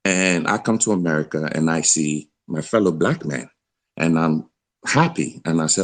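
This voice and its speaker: A man from West Africa with a West African accent, calling in to a debate show, talking haltingly with many restarts and pushing his pitch up when he insists. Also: lively intonation. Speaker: caller. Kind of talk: call-in debate.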